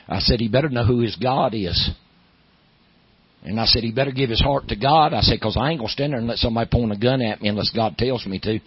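A middle-aged man with a Southern accent, a pastor preaching a sermon, moving from low storytelling to loud, emphatic preaching. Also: breathy edge, dry recording, highs cut off.

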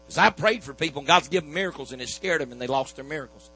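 A man's voice: fairly high pitch, rapid-fire, sharp tone, husky, rough recording. A man preaching a sermon, telling a healing story in a folksy back-and-forth of "I said, he said". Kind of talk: sermon testimony.

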